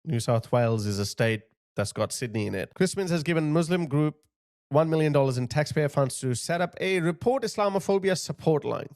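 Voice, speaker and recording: A man's voice: on the high side, animated, a little fast, darkish tone, no echo, studio quality. A man hosting a commentary video, ranting in a heated, scornful way and repeating short jabs. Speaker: commentary channel host.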